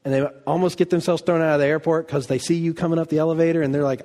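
A man preaching a sermon, telling a story with animated delivery and acting out quoted lines. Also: on the high side, fast talker, in a large hall. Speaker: pastor.

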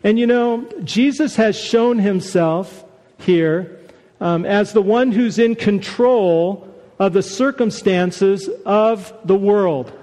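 A man preaching a sermon, conversational and animated, with casual asides to the congregation. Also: high-pitched, slow, big-room sound. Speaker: pastor.

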